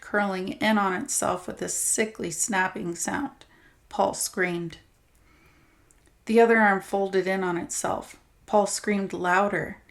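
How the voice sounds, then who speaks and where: A woman narrator reading a horror anthology story with steady, dramatic storytelling. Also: mid-range voice.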